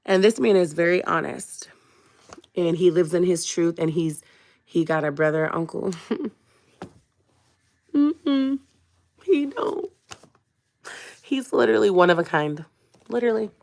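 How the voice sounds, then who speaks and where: A woman's voice: lowish voice, moderate pace, gravelly, a little mellow. A young woman telling a personal story on a livestream, emotional and confiding, speaking straight to her viewers. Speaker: vlogger on a live stream.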